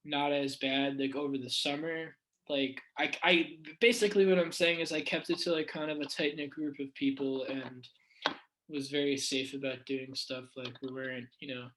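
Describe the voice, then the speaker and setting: A man's voice: medium pitch, fairly even intonation, normal speed, fairly bright tone, slight background noise, low-quality recording. A young man from the United States, chatting as a podcast guest, full of fillers like "like" and swearing casually.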